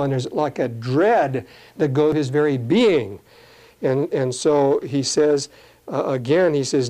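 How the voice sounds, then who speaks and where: A man preaching a sermon, reading scripture slowly and explaining it in plain, earnest talk. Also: medium pitch, warm tone.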